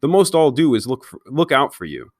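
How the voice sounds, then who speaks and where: A man's voice: mid-range voice, very animated, fairly quick, no room sound. A man voicing a cocky, bossy street-gang boy who barks orders and threats in a dry read-aloud. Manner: bossy, brusque.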